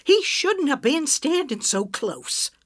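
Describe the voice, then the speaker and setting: A woman putting on a prickly old lady with a raised, lively voice, all sharp comebacks and indignation. She sounds dry and close to the mic, with a wide, swooping pitch in a storybook scene. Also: takes it slowly, dry recording, exaggerated voice. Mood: bickering. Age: 70s. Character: feisty elderly woman, quick-tongued and prickly.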